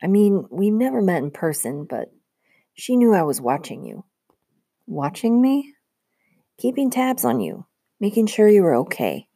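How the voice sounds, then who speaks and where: A woman voicing a nervous, loyal teenage boy satyr who is quick to take offense, talking in a hurried, indignant way. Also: medium pitch, very animated, creaky, warm tone, slightly rough, dry recording, studio quality, voice pushed up, full character voice. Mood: defensive.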